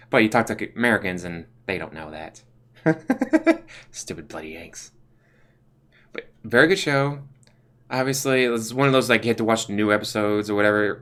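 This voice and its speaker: A man's voice: fairly low pitch, fairly bright tone. Rambling young man reviewing TV shows. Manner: rambling, many fillers and restarts. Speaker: YouTube host. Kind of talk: casual review monologue.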